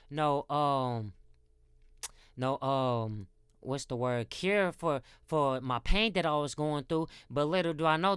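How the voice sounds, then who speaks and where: A man's voice: fairly high pitch, pushed and bright, clear, resonant tone, no room sound, studio quality. A man giving a rambling casual faith talk, often repeating words and calling his viewers guys. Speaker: Christian content creator.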